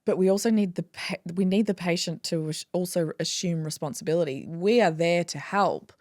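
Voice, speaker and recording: A woman chiropractor talking in a casual interview, animated and acting out her own inner dialogue. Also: lowish voice, brisk, no room sound, clean studio sound. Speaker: guest, chiropractor.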